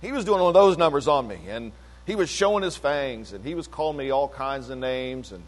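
An older man preaching and telling a story, swinging between emphatic peaks and low asides, with a lot of repetition. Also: expressive, a little fast. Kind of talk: sermon-style testimony. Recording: long hall reverb.

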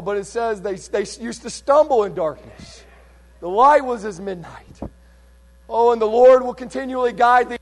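A man with a high voice preaches a fervent sermon, dropping to a near hush and then surging loud again. He reads scripture aloud in old-fashioned wording. A mains hum sits under the recording.

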